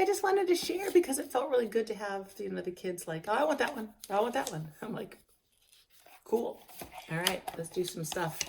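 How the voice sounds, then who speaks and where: Hoarse, chatty woman in her fifties. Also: fairly low pitch, noisy background. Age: 50s. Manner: chatty, rambling, laughs often. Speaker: vlogger. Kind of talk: casual chat.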